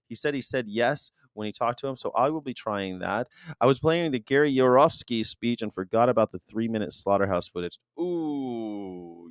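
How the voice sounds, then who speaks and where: A man with a lowish voice hosts his own show in a loose monologue. He is animated and emphatic and often restarts his phrases. The recording is dry and close, with no room sound. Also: dry recording. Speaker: show host. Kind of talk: casual monologue commentary.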